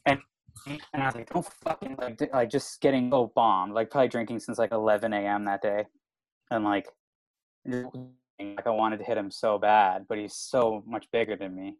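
A man's voice: lowish voice, steady tone, normal speed, no echo. A man, a comedian telling a long story in casual chat, rambling and swearing with constant filler words. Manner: rambling, profane, full of "like" fillers. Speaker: stand-up comedian.

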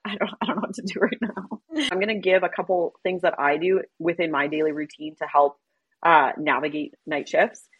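A woman who works in emergency medical services, chatting casually on a podcast as an animated storyteller who laughs often. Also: on the low side, brisk, slightly rough, dry recording. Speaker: EMS worker.

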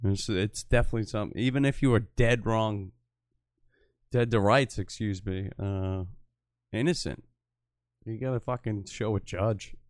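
A man's voice: on the low side, normal speed, no echo, clean studio sound. A man chatting casually as a podcast host, crude and blunt, swearing constantly on a home microphone. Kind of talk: casual profane chat.

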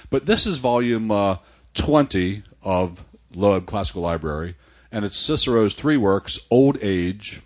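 An older man from the United States, chatting about books in an easygoing, meandering way. His voice sits very low. He pauses to read a short passage aloud now and then. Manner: relaxed, rambling storyteller who reads passages aloud. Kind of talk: casual chat about books.

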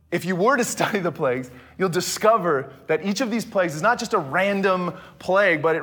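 A man preaching a sermon, animated, often dropping to a hushed voice for emphasis. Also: sits high. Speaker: pastor.

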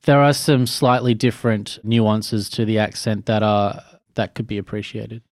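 A man's voice: lowish voice, little pitch movement, moderate pace, no echo. Rambling man, dry close sound. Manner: musing, rambling. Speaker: podcast co-host and tabletop player. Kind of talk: casual podcast chat.

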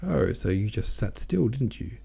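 A man's voice: on the low side, very animated, measured pace, creaky, warm tone, slightly rough, heavily acted. Man reading as a cold, stern consul. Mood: scolding. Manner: clipped, cold, reproachful. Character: cold, stern male consul, older brother. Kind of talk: audiobook character voice.

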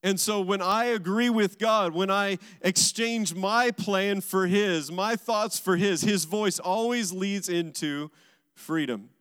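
A man's voice: high-pitched, slow pace, fairly bright tone, clean tone. Male pastor preaching in a reverberant hall. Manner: preaching in emphatic repeated phrases. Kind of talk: sermon. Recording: large hall with long reverb.

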